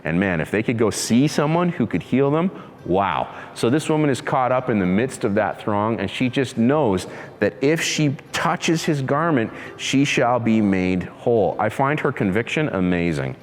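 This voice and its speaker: A man's voice: medium pitch, lively intonation, normal speed, in a large hall. A male pastor giving a conversational sermon, laughing easily and acting out the people in his story. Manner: conversational preacher, acts out voices, laughs easily.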